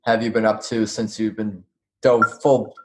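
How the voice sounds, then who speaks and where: A man's voice: on the low side, level tone, measured pace. A man hosting a podcast interview, asking questions and adding brief supportive remarks. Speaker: podcast host. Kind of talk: casual interview chat.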